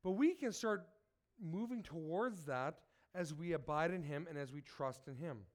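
A man's voice: a little high, moderate pace. A man who is sick, reading scripture and preaching, earnest and asking his listeners direct questions. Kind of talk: sermon with Bible reading.

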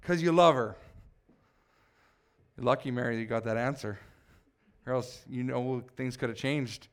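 A man's voice: medium pitch, unhurried. A man preaching a sermon as pastor, speaking emphatically and asking the congregation questions.

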